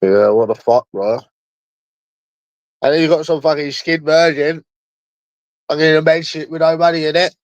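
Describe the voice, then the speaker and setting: A man's voice: a little high, normal speed, long pauses, dry recording. A man streaming alone, rambling in a casual, mocking monologue full of swearing. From London. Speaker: livestreamer.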